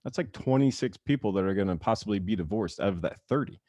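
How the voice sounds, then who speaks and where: Animated man telling ballplayer stories. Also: fairly low pitch, fast, no room sound, studio quality. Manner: animated storyteller, acts out quotes, laughs often. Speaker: guest, former baseball player. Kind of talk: casual interview storytelling.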